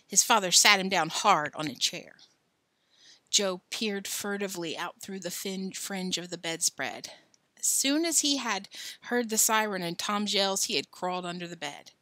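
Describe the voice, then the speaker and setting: Animated woman reading to kids. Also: medium pitch, moderate pace, no echo. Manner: expressive, animated, friendly to young listeners. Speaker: storyteller reading a children's book aloud. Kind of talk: read-aloud for children.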